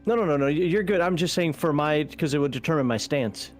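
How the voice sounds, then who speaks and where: A man's voice: a little high, animated, soft background music. A man playing a tabletop game, chatting casually and stammering through restarts. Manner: quick and stammering, many restarts. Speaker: player.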